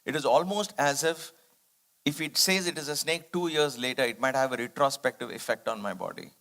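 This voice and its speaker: Mid-range and brisk, with a sharp tone, the man addresses a devotional study circle. He earnestly and reflectively recounts a personal spiritual experience, playing out the lines of dialogue.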